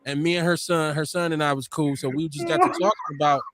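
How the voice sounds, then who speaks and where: High-voiced man telling animated stories. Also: fast, no room sound. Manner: animated storytelling, lively quoted voices. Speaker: podcast host. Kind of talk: casual chat.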